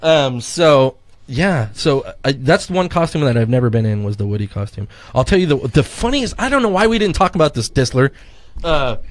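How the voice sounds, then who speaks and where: A man's voice: medium pitch, no echo. A middle-aged man co-hosting a podcast in casual chat, a rambling storyteller who swears casually and acts out quotes. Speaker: podcast co-host. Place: studio.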